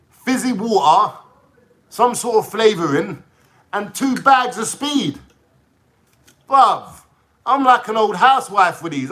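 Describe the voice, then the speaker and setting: A man ranting casually on a livestream, swearing and talking in an excitable way. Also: high-pitched. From London.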